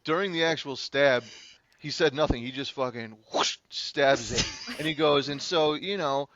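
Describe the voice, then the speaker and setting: A man, a public defender, telling a courtroom story on a podcast in an animated, profane, casual way. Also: mid-range voice, a little hiss or hum. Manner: animated, profane, fast-moving anecdote. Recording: slightly dull lo-fi sound.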